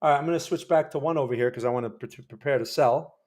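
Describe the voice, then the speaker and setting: A man's voice: medium pitch, quick pace, a little mellow. A man hosting a live day-trading stream, chatty and rambling as he comments on trades and quizzes his chat. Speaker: day trading livestream host.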